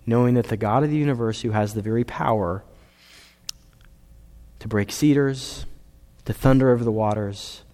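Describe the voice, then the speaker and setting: A man preaching a sermon as a pastor, earnest, rising to emphatic points and dropping to soft, quiet lines. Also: mid-range voice, moderate pace, long pauses. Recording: long reverb of a hall.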